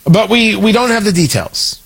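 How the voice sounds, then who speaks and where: A man hosting a political commentary show, talking in a sarcastic, animated monologue that swings his pitch for emphasis. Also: normal speed, vocal fry, breathy edge. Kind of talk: opinionated monologue.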